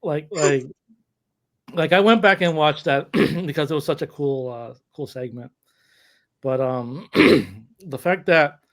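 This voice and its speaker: A man contributing to a casual wrestling discussion, reasoning through the evidence in a deliberate way. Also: a little high.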